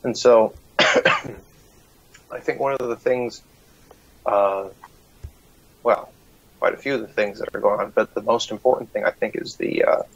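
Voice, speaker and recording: A man's voice: fairly low pitch, steady tone, unhurried, vocal fry, pauses often, slightly rough. A man co-hosting a casual live-stream talk show, hesitant and full of fillers, heard over a poor internet call. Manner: hesitant, many fillers and restarts. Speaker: podcast co-host. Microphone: remote call over a bad connection. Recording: dull lo-fi internet call audio.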